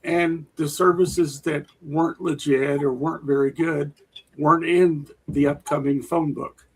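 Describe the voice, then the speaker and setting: A man's voice: a little high, fairly even intonation, unhurried, a little hiss or hum, rough recording. An older man answering the host as a panel guest, hesitant and full of fillers.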